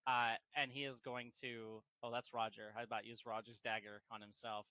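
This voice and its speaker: A man serves as game master for a tabletop game, laughing and swearing as he narrates. His voice is bright and forward, and the dry, close recording has almost no room sound. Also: medium pitch, steady tone, fairly quick, few pauses, clear, resonant tone, dry recording. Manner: casual, laughing, swears freely.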